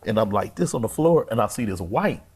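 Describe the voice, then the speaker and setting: A man, a pastor and guest, telling a personal testimony in an interview, colloquial and expressive, acting out what he said to himself. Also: on the low side, a little fast, slightly rough. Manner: expressive, colloquial storyteller who acts out his own inner voice.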